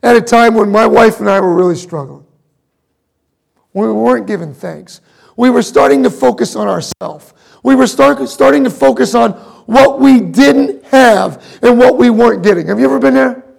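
A middle-aged man preaching a sermon, telling a personal story with emotion, moving between loud emphasis and hushed asides. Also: extremely high pitch, normal speed, gravelly. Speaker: pastor.

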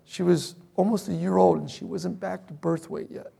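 A middle-aged man preaching a sermon, telling a personal story with emotion, moving between loud emphasis and hushed asides. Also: high-pitched, normal speed, gravelly, slightly rough. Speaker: pastor.

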